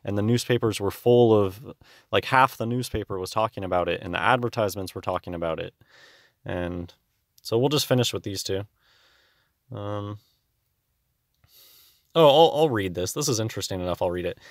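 Young male host, lowish voice, dry close sound; relaxed, rambling commentary, reads old text aloud. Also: moderate pace, pauses often, no echo. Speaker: video host. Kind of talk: casual commentary on old clippings.

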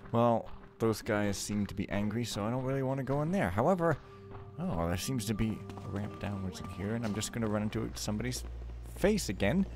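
A man's voice: fairly low pitch, expressive, a little fast, music in the background. A man giving casual, joking, rambling commentary while playing a stealth game, mocking himself as he goes. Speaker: let's play commentator.

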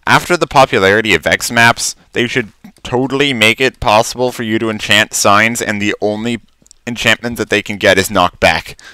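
A man's voice: lowish voice, moderate pace, hardly any pauses, sharp tone, clean tone, no room sound. A man giving casual, rambling commentary while playing a game, talking to himself and stammering when surprised. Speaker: Let's Play commentator.

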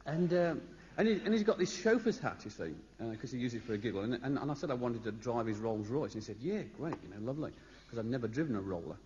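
A man's voice: mid-range voice, expressive, quick pace, dark tone. A man, telling rambling stand-up anecdotes on a concert stage with chatty asides to the audience. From Birmingham, England. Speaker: stand-up comedian. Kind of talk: live stand-up storytelling. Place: stage in a large concert hall. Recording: echoey lo-fi live concert recording. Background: audience laughter.

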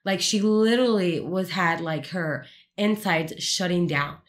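A woman telling a story in casual family conversation, animated and acting out the people in it. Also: lowish voice, measured pace. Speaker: guest relative.

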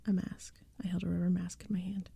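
A woman reading a spooky children's story in a soft, breathy whispered role-play, close to the mic. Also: lowish voice, flat delivery, fast talker, dry recording. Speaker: ASMR storyteller.

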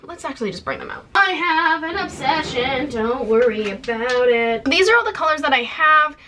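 With a crowd audible in the background, a young Canadian woman in her twenties vlogs a casual haul, chatting about purchases and gifts. She sounds bubbly and animated, her voice sitting high at a normal speed, full of fillers.

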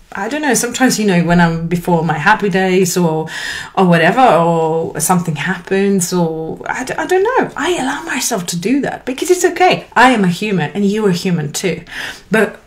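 Earnest woman coaching in her thirties. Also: moderate pace. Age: 30s. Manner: earnest and encouraging, lively swings in pitch. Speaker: life coach. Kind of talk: motivational talk to camera.

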